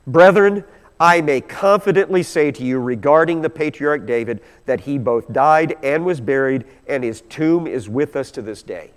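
With lively intonation and a moderate pace, this medium-pitched male pastor barely pauses as he reads passages aloud and explains scripture verse by verse. His sermon grows in intensity, echoing with long hall reverb.

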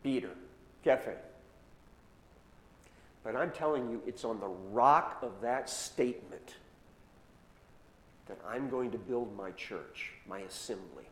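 A man preaching a sermon and retelling scripture in casual modern words, slowing down to stress key phrases. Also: on the low side, fairly bright tone. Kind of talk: sermon storytelling. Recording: echoey hall with long reverb, faint noise.

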